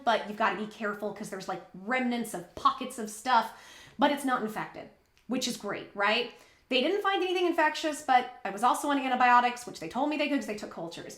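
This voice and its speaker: A woman's voice: on the high side, a bit bright, roomy sound. A woman vlogger candidly retelling a personal story in a rambling, emotional way.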